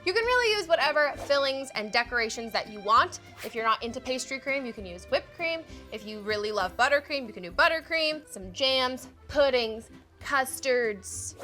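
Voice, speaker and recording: A woman's voice: high voice, expressive, normal speed, pushed and bright, soft background music. A woman hosting a cooking show, chatting playfully through a casual baking demonstration and filling her speech with fillers.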